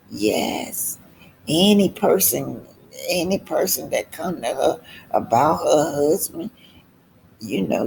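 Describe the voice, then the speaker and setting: A man's voice: medium pitch, vocal fry, darkish tone, slight background noise. A man giving casual, emphatic reaction commentary on a reality show, repeating his points and talking to viewers directly.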